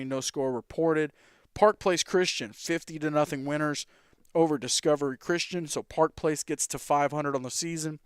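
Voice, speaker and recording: A man hosting a sports talk show, running through high school football scores in a casual, quick way with fillers and self-corrections. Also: clean tone, dry recording, clean studio sound.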